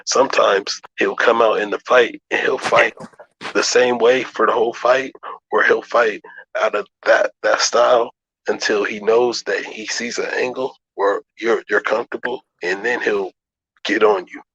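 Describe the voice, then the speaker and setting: A low-voiced man argues boxing in loose, profane, emphatic talk, breaking down how fighters switch stances. The recording sounds dull and lo-fi. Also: steady tone, normal speed, a bit bright, husky. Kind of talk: casual boxing debate.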